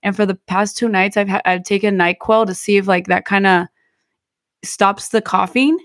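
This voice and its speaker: A woman's voice: medium pitch, fairly even intonation, moderate pace, no echo, studio quality. A tired woman co-hosting a casual podcast chat, still recovering from a lost voice, mixing English and Spanish. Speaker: podcast co-host.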